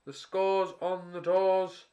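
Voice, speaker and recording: A man casting a live video game match, switching between rambling casual chat and quick play-by-play calls. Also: high-pitched, monotone, mellow, a little hiss or hum. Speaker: esports caster.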